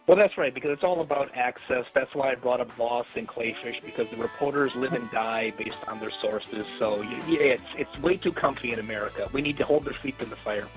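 A young man calling in to a radio talk show, speaking hesitantly with frequent pauses and restarts. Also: mid-range voice, music in the background, low-quality recording. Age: young adult. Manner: hesitant, many fillers and restarts. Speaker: caller.

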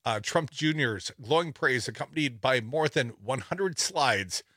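Wry, lively talk radio man. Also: mid-range voice, measured pace, no room sound, clean studio sound. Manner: wry, laughs while reading. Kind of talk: sarcastic news commentary. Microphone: studio microphone.

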